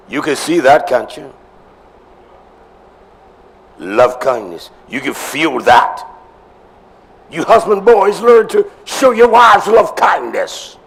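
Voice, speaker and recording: Shouting one moment and murmuring low the next, a male preacher delivers a forceful sermon, repeating phrases to drive his points home.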